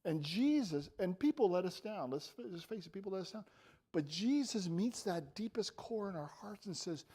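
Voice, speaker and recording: High-voiced earnest male preacher. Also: lively intonation, moderate pace, slightly rough. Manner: earnest, swings from soft to emphatic. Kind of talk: sermon. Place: church.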